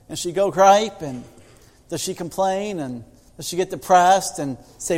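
A man's voice: sits high, lively intonation, measured pace, darkish tone. A middle-aged man preaching a sermon, telling stories and acting out the voices of the people in them. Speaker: pastor. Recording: long hall reverb.

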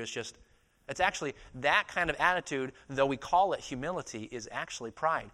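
A man in his twenties delivers a sermon that swings from quiet reflection to loud, impassioned passages, acting out biblical dialogue in his own voice. His voice is a little high and he speaks fast.

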